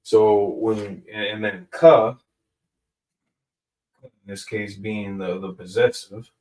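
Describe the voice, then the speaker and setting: Slow-talking man teaching grammar in an echoey room. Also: on the low side, a little mellow. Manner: slow, thinking aloud, with fillers and self-corrections. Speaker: Hebrew language teacher. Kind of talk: casual teaching, explaining grammar. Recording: echoey room, distant from the mic.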